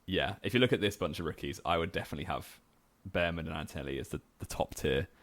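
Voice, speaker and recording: A man co-hosting a podcast, giving firm opinions in a steady, casual chat and laughing easily. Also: sits low, fast, no echo. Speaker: podcast co-host.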